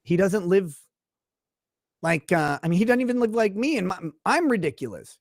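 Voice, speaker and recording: A man's voice: sits high, sing-song, moderate pace, creaky, no room sound, studio quality. A man in a played stream clip, talking about someone in a dismissive, condescending, breezy way. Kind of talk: casual stream monologue.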